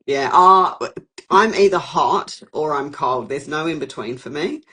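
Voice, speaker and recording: A low-pitched woman with a husky voice chats on a video call. She is easygoing and agreeable and laughs often. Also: expressive, a little slow, fairly bright tone. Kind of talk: casual chat.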